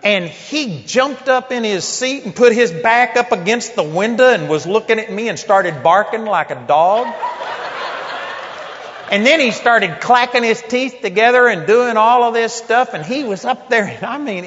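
A preacher tells a story during his sermon, acting out the voices and laughing often. His voice sits high and his pace is measured, captured in a dull, lo-fi recording made in a big hall.

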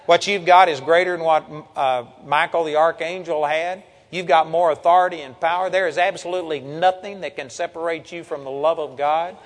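A man's voice: fairly high pitch, steady tone, brisk, hardly any pauses. Older male preacher, echoing hall. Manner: earnest, folksy preaching with Bible reading. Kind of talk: sermon.

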